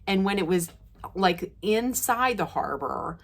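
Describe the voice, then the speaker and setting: This woman vlogger talks a little slowly as she tells casual stories to the camera. She laughs a lot, and her excitement sends her voice high and loud.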